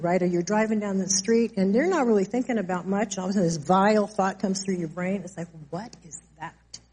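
Woman preacher, sermon delivery, earnest and emphatic, mid-pitched voice. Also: darkish tone. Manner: earnest, slow and emphatic when declaring scripture.

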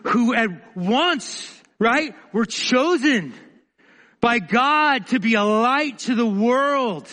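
Bright-voiced preacher in a reverberant hall. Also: male voice, very high-pitched. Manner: dramatic, swings from loud to quiet. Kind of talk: sermon.

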